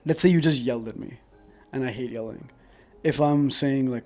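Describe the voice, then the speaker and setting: A man's voice: mid-range voice, fairly quick, dark tone, soft background music. A man giving earnest, rambling relationship advice straight to camera, full of "like" fillers. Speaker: advice vlogger. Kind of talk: casual advice monologue to camera. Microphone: new dedicated microphone.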